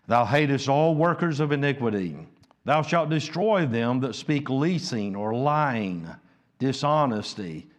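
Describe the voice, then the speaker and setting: A man preaching a measured evening sermon as pastor, reading scripture aloud. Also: mid-range voice.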